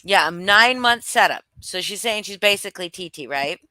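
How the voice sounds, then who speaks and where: Livestream host, woman, forceful bright tone, close dry sound, blunt and profane. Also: on the low side, animated, fairly quick, dry recording. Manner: blunt, swearing, greeting chat viewers. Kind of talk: heated livestream commentary.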